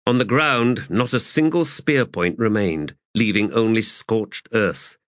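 A male narrator reads fantasy prose in a measured, unhurried voice. His pitch sits in the middle range. The recording is close and dry. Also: lively intonation, a bit bright, dry recording. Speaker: audiobook narrator.

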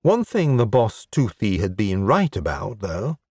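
Slow, wry male audiobook narrator. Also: on the low side, sing-song, darkish tone, slightly rough, no room sound, studio quality. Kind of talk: scripted narration.

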